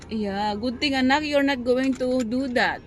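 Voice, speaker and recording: A woman's voice: sits high, moderate pace. A young Filipino mother chatting casually on a vlog, coaxing and scolding her toddler while waiting outside. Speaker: mother vlogging with her children. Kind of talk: casual vlog chat, mixing Tagalog and English. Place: outdoors waiting near a clinic. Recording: noisy traffic behind. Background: passing vehicles.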